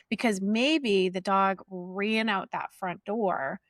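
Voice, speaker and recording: A woman podcast host and dog trainer explaining advice in a steady, clear way. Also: mid-range voice, measured pace, hardly any pauses, dry recording, clean studio sound. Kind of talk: podcast interview chat.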